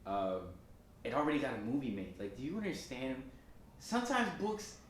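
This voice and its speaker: A man's voice: sing-song, moderate pace. A man co-hosting a casual podcast, giving emphatic opinions. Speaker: podcast co-host. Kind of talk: casual chat. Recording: very echoey room, faint rumble.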